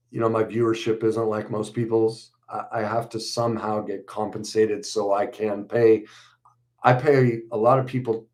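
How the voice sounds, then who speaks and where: A middle-aged man hosting a casual livestream, reading viewers' comments aloud and answering them in a relaxed, conversational way with frequent fillers. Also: fairly low pitch. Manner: reads viewer messages aloud and responds warmly, conversational with fillers.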